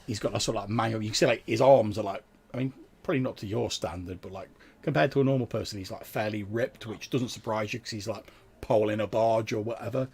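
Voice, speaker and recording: A man's voice: on the low side, quick pace, gravelly, darkish tone, breathy edge. A man running a tabletop role-playing game, narrating casually with lots of hesitations and fillers. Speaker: game master.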